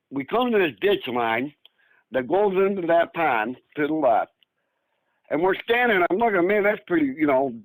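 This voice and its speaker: A man's voice: a little high, dry recording, poor audio. This man from Northern Michigan is about sixty and speaks in a slightly raised register. He rambles through a casual story, stumbling over restarts and acting out what others said. The room sound is dry and close. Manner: rambling, full of restarts, acts out quoted speech. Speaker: guest.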